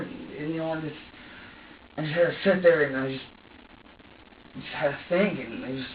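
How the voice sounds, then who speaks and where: A man, questioned as a suspect, gives an emotional, rambling confession full of profanity and restarts, swinging between angry outbursts and quiet muttering. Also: a little high, moderate pace, long pauses, a little hiss or hum. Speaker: suspect under police questioning. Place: police interrogation room. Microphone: room recording from a distance. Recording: echoey, distant, dull interrogation-room recording.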